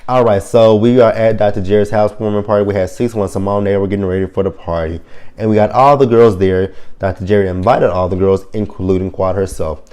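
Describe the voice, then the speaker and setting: A man with a lowish, mellow voice casually recaps a reality show episode. He talks bluntly and swears freely when something annoys him. He rambles and keeps correcting himself as he goes. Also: fairly even intonation, brisk, clean tone. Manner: rambling with frequent self-corrections.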